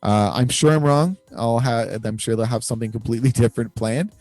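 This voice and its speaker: A man's voice: mid-range voice, brisk, a little mellow, dry recording, soft background music. A man co-hosting a casual fan discussion show, rambling with many fillers and frequent laughs. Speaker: podcast co-host.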